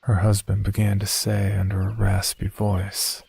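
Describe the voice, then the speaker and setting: Male horror narrator, deep voice with vocal fry, dead-level delivery. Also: monotone, a little slow, a little mellow, a little hiss or hum.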